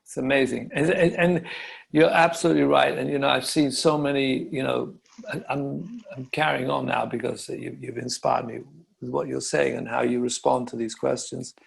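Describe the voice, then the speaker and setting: A man hosting an interview, speaking effusively with frequent halting restarts. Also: mid-range voice, steady tone, creaky, breathy edge. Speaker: yoga teacher, host. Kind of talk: conversational interview.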